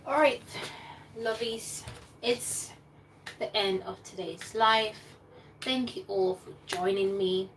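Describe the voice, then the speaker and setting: A woman hosting a casual cooking live stream from her home kitchen, chatty and excitable, rambling as she goes. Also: medium pitch, takes it slowly. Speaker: cooking livestream host. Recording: distant mic with clear room noise.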